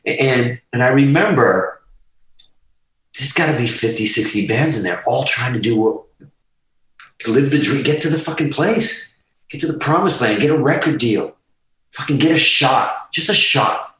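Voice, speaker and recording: A man's voice: medium pitch, animated, normal speed, fairly bright tone, roomy sound, recorded from a distance, rough recording. A man telling his story as a podcast guest, emphatic and rambling and swearing freely. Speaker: guest musician. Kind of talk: candid storytelling in a podcast interview.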